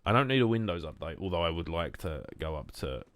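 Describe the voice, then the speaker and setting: A young man streaming a game, rambling and joking casually while answering chat in a flat, monotone way. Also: fast, clean tone. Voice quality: low monotone voice. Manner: rambling, jokey, reacting to chat.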